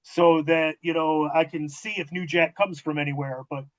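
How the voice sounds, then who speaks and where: A man with a fairly high-pitched voice tells backstage stories in a loose, conversational way, acting out the dialogue and swearing freely. The recording is dull and lo-fi. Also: moderate pace. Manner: profane, animated storytelling with quoted dialogue. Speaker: podcast host and former wrestling manager. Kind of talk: casual storytelling interview. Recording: dull lo-fi audio.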